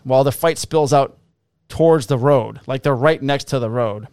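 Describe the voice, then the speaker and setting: A man's voice: medium pitch, moderate pace, a little mellow, clear, resonant tone, dry recording. A man, a police officer, casually telling profane, laughing stories about his shifts. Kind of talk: casual storytelling on a podcast.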